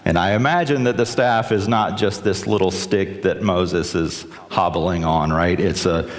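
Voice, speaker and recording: A man's voice: deep voice, a little slow, big-room sound. A man preaching a sermon in a chatty, conversational way, often checking in with the listeners. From South Carolina, US. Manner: conversational, asks the audience with "right?". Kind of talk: sermon, retelling a scripture story.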